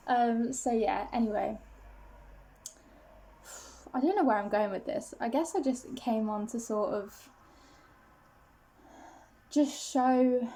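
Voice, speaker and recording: Chatty woman with a high voice. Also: dark tone. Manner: rambling, many fillers and restarts, self-conscious. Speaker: vlogger. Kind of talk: casual confessional chat to camera.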